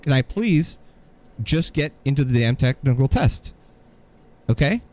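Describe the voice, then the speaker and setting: Animated exasperated man ranting. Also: medium pitch, unhurried. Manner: exasperated storytelling, sarcastic. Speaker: podcast co-host. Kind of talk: casual ranting podcast chat.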